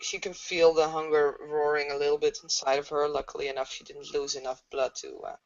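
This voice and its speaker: A woman playing a tabletop game, describing her character's actions in a halting, hesitant way, on a dull lo-fi recording. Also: low-pitched, level tone. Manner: hesitant, halting narration with fillers. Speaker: player.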